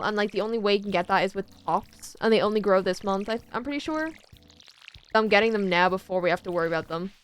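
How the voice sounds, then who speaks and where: A woman's voice: mid-range voice, smooth. A woman chatting casually with her viewers while she plays a farming game, rambling and talking to chat as she goes. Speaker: streamer.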